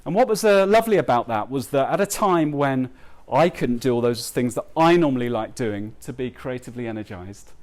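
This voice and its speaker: A man giving a heartfelt, halting talk to a live audience at a book launch, with many pauses and restarts. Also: mid-range voice, expressive, a little mellow. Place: live event before an audience.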